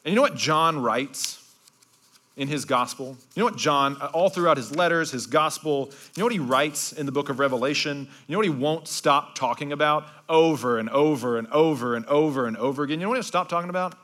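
Male pastor, slightly higher voice, bright and forceful, conversational sermon with hushed, slowed emphasis. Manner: conversational, with repeated asides like "okay?".

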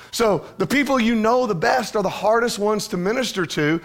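Man, pastor, sermon, conversational, joking asides, slightly high voice, church.

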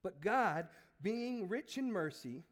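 A man's voice: high voice, big pitch swings, slow. A man preaching a sermon, telling stories and acting out the voices in them in a conversational way. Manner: acts out voices in illustrations, conversational. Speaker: pastor.

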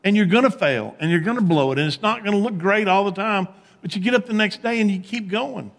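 A man preaching a sermon as pastor, animated, with rising emphatic peaks and quiet low asides. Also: fast, gravelly, long reverb tail.

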